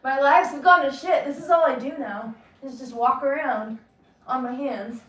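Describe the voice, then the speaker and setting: A woman's voice: high-pitched, a little slow, a bit bright, husky. A young woman, a singer, livestreaming from her small home and chatting casually with her viewers, giggling often and reading their comments aloud. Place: small home basement apartment.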